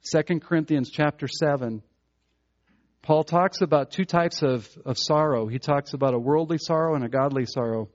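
A man preaching a sermon in an earnest way, stumbling over restarts and rising to loud fervor as he builds his points. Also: fairly high pitch, moderate pace, lo-fi sound.

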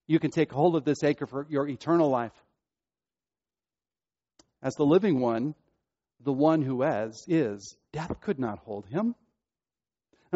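Pastor, male, higher voice, emphatic repetitive sermon delivery, dry and muffled. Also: darkish tone, dry recording. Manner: preaching with rising emphasis and repetition.

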